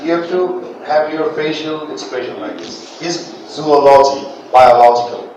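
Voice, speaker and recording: A Bangladeshi man whose first language is Bengali teaches English pronunciation in a classroom, his voice on the high side at a moderate pace. Animated and joking, he laughs often and models words for students in repeat-after-me drills, recorded on a distant mic in an echoey room with background noise.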